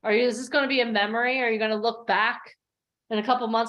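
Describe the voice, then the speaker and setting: A woman's voice: on the high side, fast talker, dull audio. A woman coaching an online workshop over a video call, giving a motivational talk and acting out the voices in her stories. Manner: animated storyteller who acts out the voices in her stories.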